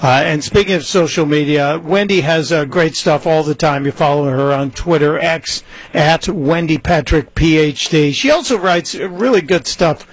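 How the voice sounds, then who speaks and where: A man's voice: on the high side, normal speed, breathy edge, no echo, rough recording. A man filling in as a talk radio host, speaking conversationally, with a few stumbles and fillers.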